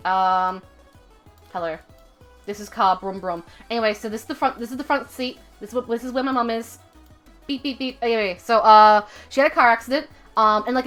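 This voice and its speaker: A young woman livestreaming from home, telling a rambling story full of fillers and self-corrections in a chatty, expressive way. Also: a little high. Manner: chatty and expressive, laughing at her own story. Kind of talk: casual livestream chat.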